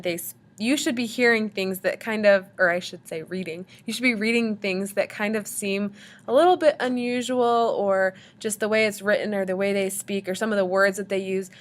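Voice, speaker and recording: A woman's voice: mid-range voice, a bit bright. Chatty woman teacher, full of ums. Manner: chatty, friendly, with frequent ums. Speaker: language arts teacher. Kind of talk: casual recorded video instructions to a class.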